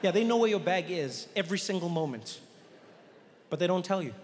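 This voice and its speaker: A man doing stand-up comedy on a theater stage, telling a story with animated delivery and acting out characters. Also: high voice, brisk, background noise. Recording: live hall reverb, faint ambience.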